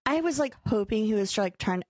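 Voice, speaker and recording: A young adult woman hosting a podcast, telling a story in a casual chat, animated and acting out her own quotes with frequent laughter. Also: mid-range voice, brisk, no echo. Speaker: podcast co-host.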